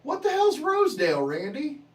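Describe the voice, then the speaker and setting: A male livestream host chats loosely with his viewers, joking, cursing and laughing often. His voice sits fairly high and swings widely in pitch. He sounds a bit distant from the microphone. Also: huge pitch swings, normal speed, slight background noise. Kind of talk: casual chat reading viewer comments.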